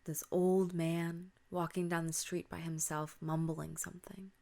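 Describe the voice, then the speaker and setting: A woman casually retells a spooky story on her podcast, her voice sitting a little low. She talks in a chatty way and slips into a hushed whisper when the story gets tense. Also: level tone, measured pace, gravelly. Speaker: podcast host.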